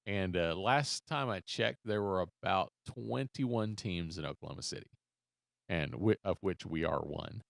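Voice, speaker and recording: A man's voice: low-pitched, measured pace, gravelly, no room sound, studio quality. A man co-hosting a podcast, chatty and joking, laughing often. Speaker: podcast co-host. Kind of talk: casual podcast chat.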